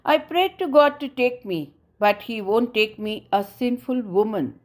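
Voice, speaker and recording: A woman's voice: on the high side, expressive, unhurried. A woman voicing a distraught middle-aged mother who wails self-pitying reproaches at her son in a storybook reading. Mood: reproachful.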